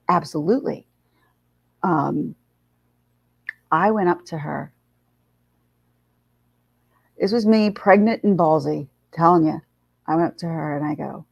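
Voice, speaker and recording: A woman's voice: low voice, measured pace, creaky, long pauses, husky, dry recording. A woman hosting a live chat, telling a story in a casual, blunt way and swearing freely. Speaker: livestream host. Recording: dull lo-fi sound.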